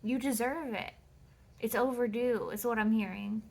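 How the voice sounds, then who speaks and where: A woman's voice: on the high side, steady tone, normal speed, gravelly. A woman giving a casual tarot reading at home, blunt and emphatic, swearing freely as she reads out card texts. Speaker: tarot reader.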